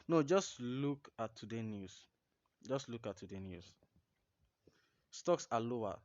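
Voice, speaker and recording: A man's voice: medium pitch, no echo, muffled recording. A man coaching viewers through a trading tutorial, repeating points emphatically and checking they understand. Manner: repetitive, emphatic, instructive, often asks "you understand?". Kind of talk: screen-share trading tutorial.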